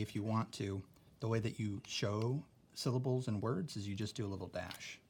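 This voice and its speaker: Patient male teacher, slightly low voice. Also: a little mellow, slight background noise. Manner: patient, careful, checks in with "okay?". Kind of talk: recorded spelling lesson.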